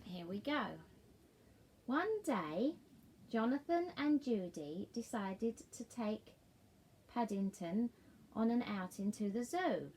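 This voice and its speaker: A middle-aged woman reading a picture book aloud in a sing-song, gently coaxing way. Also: fairly high pitch, expressive, slow, slight background noise. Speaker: storyteller.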